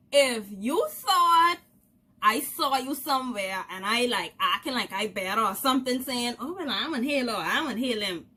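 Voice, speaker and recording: A young woman with a Bahamian accent chats to her camera, spinning a casual story. Her voice sits a little high and rings bright, and she keeps it lively, laughing as she goes and slipping into the voices of the people in her tale. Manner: animated, laughing often, acts out quoted voices. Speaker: vlogger.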